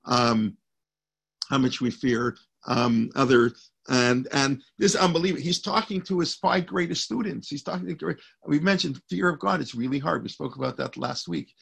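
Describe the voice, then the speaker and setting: A man's voice: mid-range voice, moderate pace, creaky, a bit bright, husky. A man teaching a Torah class as a rabbi, talking in a loose, rambling way and quoting Hebrew texts.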